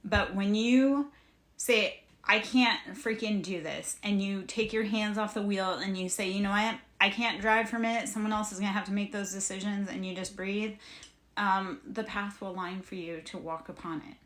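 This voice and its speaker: A woman hosting a casual livestream as a spiritual reader, talking in a blunt, animated way and swearing casually. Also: medium pitch, normal speed. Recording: roomy, echoey room sound.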